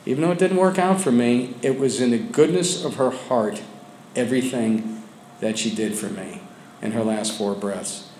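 A man gives personal testimony to a support group in a meeting room with other men, speaking candidly but haltingly, often restarting and sometimes dropping low and quiet. The room is echoey, with faint ambience and a little hiss or hum.

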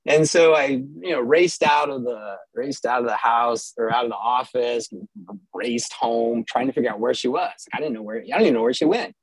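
A man's voice: mid-range voice, normal speed, slightly rough, no room sound, poor audio. A middle-aged man from Southern California telling a personal story with wry, self-mocking humor and frequent restarts.

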